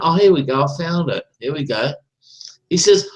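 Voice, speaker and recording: Male caller, slightly high voice, profane ranting talker. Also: animated, moderate pace, rough recording. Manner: ranting, profane, repeats "right?". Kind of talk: casual chat.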